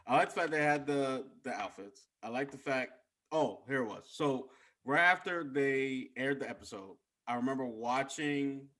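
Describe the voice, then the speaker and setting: A laid-back man co-hosting a casual podcast, with a voice of ordinary male pitch. He talks loosely, trails off and hunts for his words as he goes. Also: moderate pace. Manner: relaxed, loses his train of thought, trails off softly. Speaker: podcast co-host. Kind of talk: casual chat.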